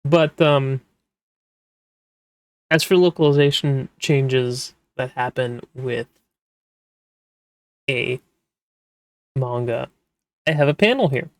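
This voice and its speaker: A man's voice: medium pitch, takes it slowly, long pauses, dry recording. A man who works as a manga translator, talking casually and rambling with many fillers and restarts. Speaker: manga translator, podcast host. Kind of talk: casual explanatory talk.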